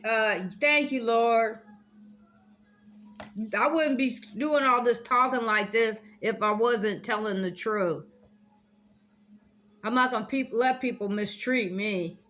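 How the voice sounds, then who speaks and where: A woman's voice: a little high, takes it slowly, long pauses, fairly bright tone. A woman reading Bible verses aloud, repeating them and adding earnest, encouraging personal remarks in a casual video. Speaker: Bible study video host.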